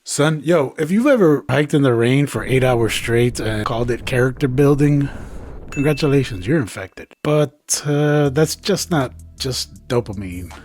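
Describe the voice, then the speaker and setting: A man's voice: medium pitch, animated, unhurried, darkish tone. A young man in a casual comedic vlog, talking outdoors on a trail with joking, rambling, slangy asides. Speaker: backpacking vlogger.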